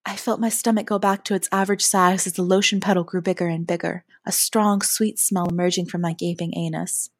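Woman softly narrating an adult story. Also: fairly low pitch, dry recording, studio quality. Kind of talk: first-person adult audio story narration.

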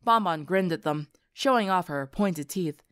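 Expressive woman reading a story. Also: on the low side, moderate pace, smooth, no echo, studio quality. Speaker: narrator. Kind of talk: audiobook narration of fan fiction.

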